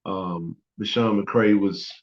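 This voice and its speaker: A man hosting a sports podcast, talking casually and teasing rival fans, his voice jumping up when he gets worked up. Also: slow pace. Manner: animated, teasing, rising high when excited. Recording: roomy, dull lo-fi sound.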